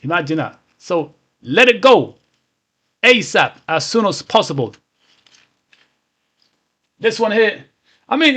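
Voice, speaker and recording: A man with a rather high-pitched voice talks straight to his viewers as the host of his own channel. He preaches emphatically, repeats himself and restarts his sentences. Now and then he acts out what someone else might say. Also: a bit bright. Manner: emphatic, preachy, with frequent restarts and acted-out quotes. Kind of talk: casual monologue to camera.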